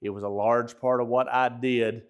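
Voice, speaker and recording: A pastor giving a conversational training talk, folksy, repeating words and asking the audience questions. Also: male voice, medium pitch, fairly even intonation, normal speed, smooth.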